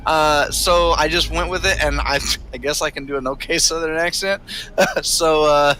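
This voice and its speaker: A laid-back man hosts the chat and laughs often. His voice is bright and a little high, heard through an online call mic. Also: steady tone, moderate pace, low-quality recording. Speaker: host and game master.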